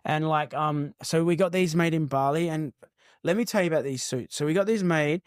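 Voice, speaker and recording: A man's voice: fairly high pitch, a little fast, no room sound, studio quality. A man with an Australian accent co-hosting a podcast, telling stories loosely and swearing freely. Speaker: podcast co-host. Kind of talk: casual podcast chat.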